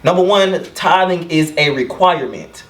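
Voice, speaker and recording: A man's voice: a little high, normal speed, a bit bright. A young man, a barber hosting a podcast, earnestly laying out his personal views in casual chat and often asking "you know what I'm saying". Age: young adult. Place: shop room. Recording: roomy sound from a distant mic.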